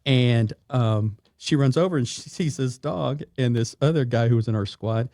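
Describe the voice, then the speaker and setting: A man's voice: mid-range voice, moderate pace, no room sound, clean studio sound. A middle-aged man, a retired police sergeant telling a story as a podcast guest and acting out the voices in it. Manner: animated, acts out quoted voices. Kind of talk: casual storytelling. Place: studio.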